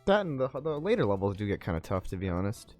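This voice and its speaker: A man's voice: fairly low pitch, very animated, quick pace, darkish tone, faint music behind. A man co-hosting a casual gaming chat, joking and teasing, rambling with lots of fillers. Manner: joking, teasing, laughs often. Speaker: let's play co-host.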